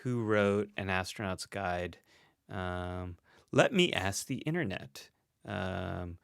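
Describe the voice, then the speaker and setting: A man's voice: deep voice, expressive, slow pace, gravelly, fairly bright tone, clear, resonant tone, no echo, studio quality. A man hosting a casual live stream, reading out viewer comments in a chatty, self-deprecating way with frequent laughs.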